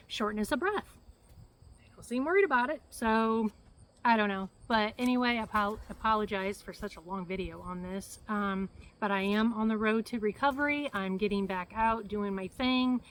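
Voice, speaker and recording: A woman's voice: mid-range voice, a bit bright, poor audio. Flustered woman with a hacky cough. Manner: rambling, flustered, many fillers. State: hacky cough, short of breath. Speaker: vlogger. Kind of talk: casual health update vlog.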